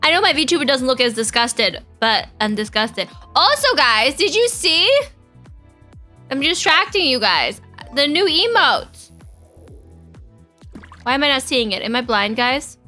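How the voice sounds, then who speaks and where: Bubbly high-voiced woman streamer. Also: very animated, measured pace, bright, forceful tone, soft background music. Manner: bubbly, chatty, reads out chat and greets viewers. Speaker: VTuber streamer. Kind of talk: casual live-stream chat with viewers.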